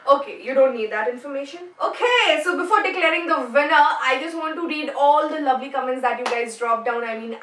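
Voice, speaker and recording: Indian woman vlogger with a high voice, casual and playful, recorded roomy and off-mic. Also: fairly bright tone. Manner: chatty and playful, mixing in Hindi words. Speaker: YouTuber announcing a giveaway winner. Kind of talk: casual vlog talk to camera. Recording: echoey room, camera at a distance.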